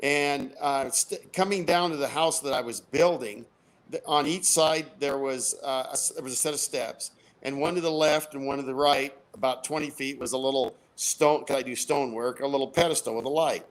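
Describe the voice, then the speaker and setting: A man's voice: mid-range voice, moderate pace. An older man from the United States, a guest telling rambling stories and laughing at his own jokes. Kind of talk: casual storytelling.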